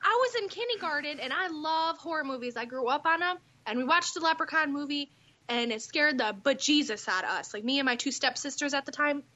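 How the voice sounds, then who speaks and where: A woman in her thirties telling stories in casual chat, animated and swearing freely with big laughs, on muffled audio. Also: sits high, a little fast.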